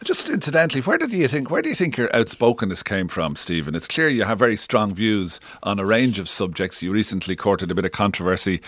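Lively-voiced male interviewer, dry sound. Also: lowish voice, dry recording. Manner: probing, measured questions. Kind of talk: interview questions.

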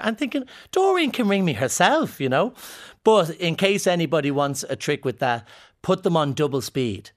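A man's voice: on the high side, big pitch swings, moderate pace. A man with an Irish accent chatting in an interview, telling playful, joking anecdotes as a comedian guest. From Ireland. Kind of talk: casual interview chat.

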